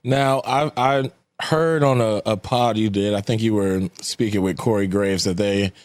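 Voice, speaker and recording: A man's voice: lowish voice, unhurried, no room sound. Casual: guy hosting a pod, chill, laughs a lot, dead dry room. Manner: relaxed, laughs along. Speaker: podcast co-host. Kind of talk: casual interview.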